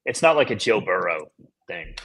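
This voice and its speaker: A man speaks in a lowish, husky voice while breaking down player projections. His takes are blunt and matter-of-fact. He sounds dry and serious next to his co-hosts. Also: very animated, moderate pace, fairly bright tone. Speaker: podcast co-host. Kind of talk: casual sports betting chat.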